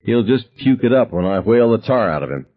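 A man voicing a stern, short-tempered father who speaks curtly and with scorn, in an audiobook reading with a husky voice. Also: lowish voice, lively intonation, phone-quality sound. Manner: curt, scornful, deliberate.

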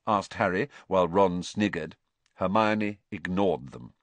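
A man's voice: sits low, a little slow, dry recording. A man narrating an audiobook expressively and switching into voices for the characters.

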